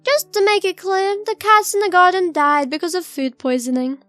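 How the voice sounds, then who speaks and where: A woman's voice: very high-pitched, animated, normal speed, a bit bright, no echo, soft background music, pitched above the performer's own voice. A woman putting on a stern lecturing teacher. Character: stern school teacher making an announcement.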